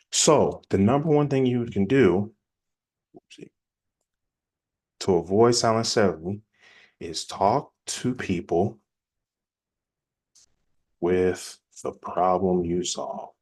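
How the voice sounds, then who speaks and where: A man giving a casual, energetic sales-coaching presentation in a plainspoken, conversational way. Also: low-pitched. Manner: energetic, acts out quick example dialogues. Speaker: business coach.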